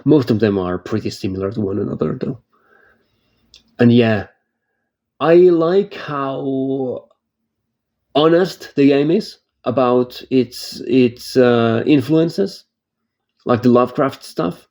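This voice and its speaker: A man's voice: mid-range voice, slow, pauses often, darkish tone. A man who is not a native English speaker, casually reviewing games, rambling and restarting his sentences and laughing easily. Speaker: game reviewer. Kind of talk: casual spoken game review.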